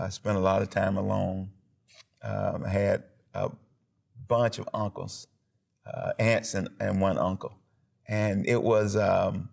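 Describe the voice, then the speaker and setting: A pastor and former football player from Alabama, USA, sits for a TV interview. His deep, heavily gravelly voice hits words with punchy emphasis as he tells his story in a lively, animated way, acting out moments with sound effects.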